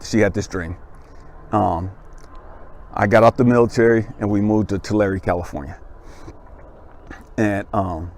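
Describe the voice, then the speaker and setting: A man who works as a motivational speaker and life coach tells a personal story in a casual, animated way, laughing and checking in with the listener. Whenever he gets emphatic, his voice jumps much higher and louder.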